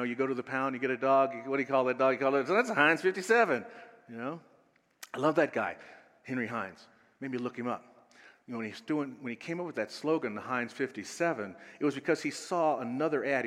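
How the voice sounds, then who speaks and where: A man preaching a sermon as a minister. He tells stories and leads his listeners through a short exercise, swinging between loud, laughing passages and hushed, near-whispered ones. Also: medium pitch, big-room sound.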